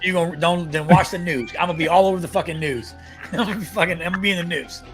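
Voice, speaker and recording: A husky, rapid-fire man tells profane, animated stories as a podcast co-host. His voice sits a bit high for a man. Faint music plays softly behind him. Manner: fast, animated storytelling, heavy swearing. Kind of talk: casual profane podcast banter.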